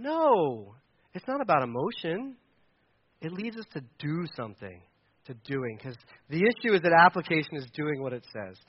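Pastor, man in his thirties, high voice, passionate and conversational sermon, dull lo-fi sound. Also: sing-song, fairly quick, slightly rough.

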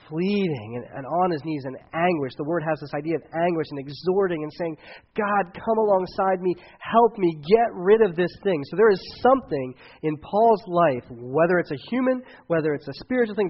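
A man's voice: on the high side, animated, brisk, husky. Man preaching casually, slightly muffled recording. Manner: casual, conversational preaching with asides. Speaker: pastor. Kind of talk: sermon.

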